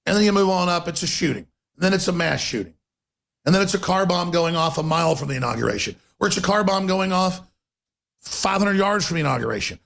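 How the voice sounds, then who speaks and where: A man hosting a political talk radio show, delivering an emphatic, sarcastic monologue with bursts of rapid speech. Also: sits high, expressive, vocal fry, fairly bright tone.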